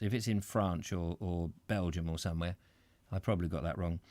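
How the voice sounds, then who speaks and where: A man's voice: low voice, steady tone, a little fast, dry recording, clean studio sound. A middle-aged Englishman hosting a live reading, breaking off into rambling, self-interrupting chat about the text and viewers' comments. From Britain. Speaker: reader and host.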